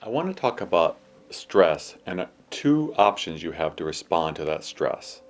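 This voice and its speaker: A middle-aged man hosting an advice show, speaking in a calm, soothing way and guiding listeners through slow breathing. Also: sits low. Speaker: host.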